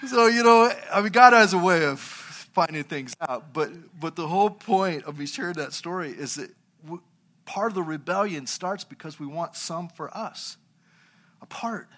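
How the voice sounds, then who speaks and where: A man's voice: high-pitched, animated, moderate pace, sharp tone. A middle-aged man, a pastor, preaching a sermon and telling a humorous story from his own life.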